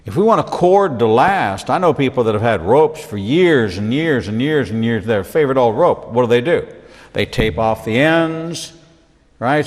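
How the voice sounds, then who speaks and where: A rabbi teaching the Bible in sermon style, with animated delivery, repeated phrases for emphasis and humorous asides. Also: male voice, mid-range voice, in a large hall.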